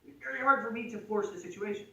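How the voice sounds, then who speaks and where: A man's voice: high-pitched, rapid-fire, creaky, bright, forceful tone. A man teaching a jiu-jitsu choke to a class in a gym, talking casually and joking, checking in with "right?" as he explains. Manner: joking, conversational, frequent "right?" check-ins. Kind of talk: casual technique instruction. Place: martial arts gym. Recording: echoey room, mic at a distance.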